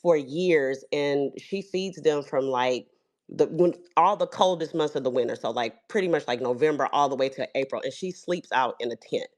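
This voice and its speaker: A woman's voice: low voice, moderate pace. Chatty woman caller. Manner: chatty, detailed storytelling.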